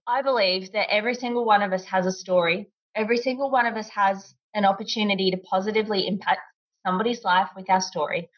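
Woman, podcast host, mid-pitched, chatty, casual fillers, dull lo-fi recording. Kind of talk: casual chat. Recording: dull lo-fi audio.

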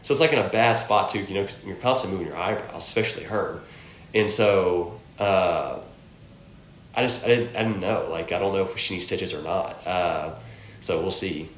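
Podcast co-host, male, deep and rambling, slightly stuffy, roomy echo. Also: normal speed. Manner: rambling storyteller, frequent filler words and swearing. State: congested from a cold. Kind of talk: casual podcast chat. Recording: echoey room, faint rumble.

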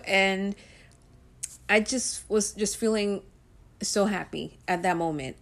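A woman's voice: mid-range voice, slow, fairly bright tone. Chatty woman telling a personal story. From Guyanese and Puerto Rican heritage. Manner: chatty, with frequent ums and likes. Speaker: vlogger.

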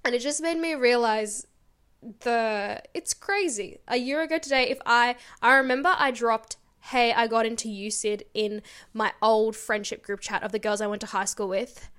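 Young woman, fairly high voice, emphatic storyteller, podcast co-host. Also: moderate pace, a bit bright, smooth. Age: young adult. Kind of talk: casual chat.

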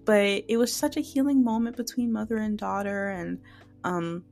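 Chatty woman recapping dramas, gravelly. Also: mid-range voice, moderate pace, darkish tone, soft background music. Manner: chatty, emotional, many fillers and "like". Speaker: podcast host reviewing dramas. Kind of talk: casual solo recap.

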